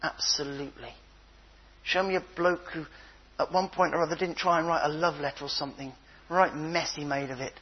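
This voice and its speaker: An older man preaching a sermon, telling stories with playful voices and a husky tone. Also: a little high, brisk, muffled recording. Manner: animated storytelling with playful voices.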